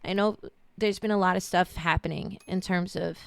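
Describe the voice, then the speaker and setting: A woman's voice: on the low side, steady tone, moderate pace, gravelly, dry recording. A woman streaming a charity event, chatting casually with her audience, rambling and emotional, close to tears. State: near tears. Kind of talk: casual chat.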